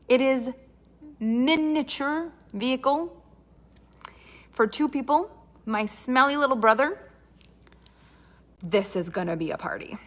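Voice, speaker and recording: A woman's voice: on the high side, fairly bright tone. A woman from Canada telling a comic personal story with dramatic asides and quoted dialogue.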